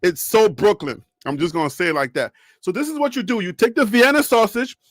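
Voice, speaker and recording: A young man hosts a sports live stream from home, laughing often and talking right to his viewers. His voice sits high, and the sound is close and dry with no room echo. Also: a little fast. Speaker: sports show host. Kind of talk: casual live-stream chat.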